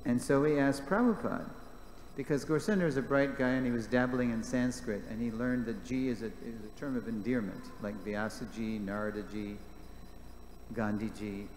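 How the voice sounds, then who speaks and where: A man's voice: mid-range voice, normal speed. Man teaching in an echoey hall. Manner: animated storyteller, reads quotes aloud, jokes with the class. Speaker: class presenter. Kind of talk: reading aloud and commenting in a class. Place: temple hall. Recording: echoey hall with faint background noise.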